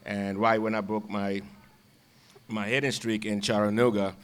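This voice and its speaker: A man's voice: lowish voice, flat delivery, normal speed, fairly bright tone, clear, resonant tone. A man, a former ballplayer, casually telling stories with frequent laughs and repeated words. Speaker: guest, former baseball player. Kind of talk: casual storytelling.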